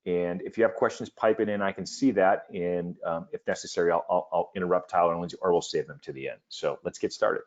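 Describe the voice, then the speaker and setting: A man's voice: sits low, fairly even intonation, quick pace, hardly any pauses, dull audio. A man hosting a business webinar, speaking in a confident, emphatic salesman manner over a video call. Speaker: webinar host.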